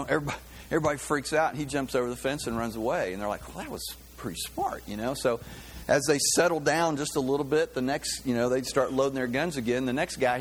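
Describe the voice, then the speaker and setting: A pastor giving a sermon in a loose, conversational way, with many fillers and restarts. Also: male voice, mid-range voice. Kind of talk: sermon with a joke.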